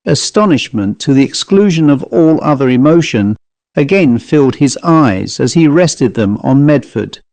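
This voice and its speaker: A man narrating a ghost story in a measured, even storytelling manner. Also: mid-range voice, dry recording. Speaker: audiobook narrator.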